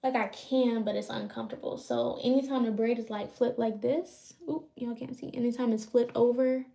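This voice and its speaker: A woman with a fairly high, gravelly voice chats loosely with her viewers while braiding her hair. She speaks in a relaxed, rambling way. The room gives her voice a roomy echo. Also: normal speed. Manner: loose, chatty, talks to viewers. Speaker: livestream host.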